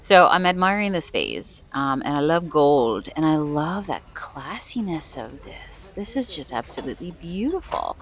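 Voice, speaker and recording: A woman's voice: sits low, sing-song, unhurried, few pauses. A woman vlogging while thrifting in a store, chatting casually and enthusiastically about her finds. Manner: chatty, enthusiastic, rambling asides. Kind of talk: casual vlog narration.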